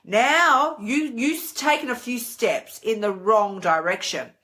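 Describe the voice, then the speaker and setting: A woman hosts a casual live stream with a bright, forceful voice pitched a little high. She talks in a chatty, animated way, jumping up in pitch whenever she acts out her own inner voice. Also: takes it slowly. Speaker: host.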